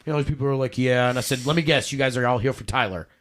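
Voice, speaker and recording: A man, a podcast guest, telling a story in casual chat, animated and full of cursing and acted-out quotes. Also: medium pitch, very fast.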